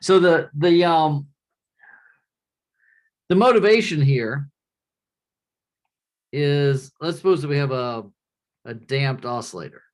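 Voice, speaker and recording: A man giving a classroom lecture in a relaxed, conversational way, often checking in with the class by asking "right?". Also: on the high side, slow pace, pauses often.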